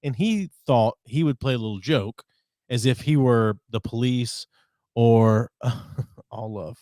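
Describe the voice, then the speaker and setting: Taking his time, a male podcast co-host tells a story in casual conversation, animatedly acting out the quotes. His voice is medium-pitched, and the recording is dry and studio quality.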